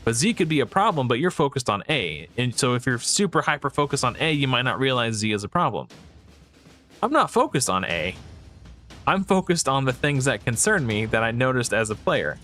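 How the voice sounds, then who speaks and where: A man talks through his thoughts on a game in a loose, rambling way, often stopping to restart a sentence or reach for a filler. His voice sits at an ordinary middle pitch. Soft music plays faintly underneath. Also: animated, brisk, few pauses. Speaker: gaming video creator. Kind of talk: casual thinking-aloud commentary.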